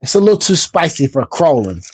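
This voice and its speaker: A man's voice: fairly high pitch, big pitch swings, brisk, a little mellow, breathy edge, dry recording. Laid-back man hosting a live stream. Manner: laid-back, chatty, repeats phrases. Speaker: livestream host. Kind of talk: casual live-stream chat.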